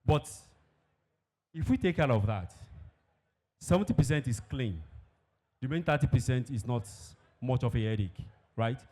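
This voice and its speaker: A man's voice: medium pitch, lively intonation, normal speed, long pauses, dark tone. A man presenting at an industry event in a hall, emphatic, often posing questions and answering them himself. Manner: emphatic, asks and answers his own questions. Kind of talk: conference presentation.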